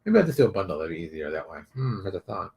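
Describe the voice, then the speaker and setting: A man in a casual livestream chat as a game publisher and artist, rambling and thinking aloud with animated swings in pitch. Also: very fast, creaky.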